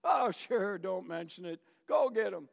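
A man preaching a sermon voices a proud, easygoing young college man in his story, raising his voice and pitch, in a large reverberant hall. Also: expressive, a little slow, creaky, full character voice.

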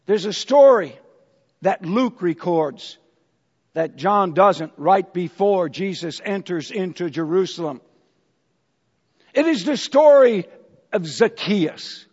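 A man's voice: sits high, a little mellow. A man preaching a sermon and telling a story, acting out the voices of its characters. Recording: dull hall echo.

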